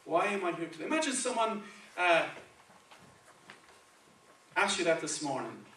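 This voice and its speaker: Spanish-accented guy giving a sermon, keeps asking okay right, high sharp tone, faint room hiss. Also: sing-song, normal speed. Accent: Spanish-accented English. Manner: conversational, checks in with "okay" and "right". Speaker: preacher. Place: church sanctuary. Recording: echoey church, from far off.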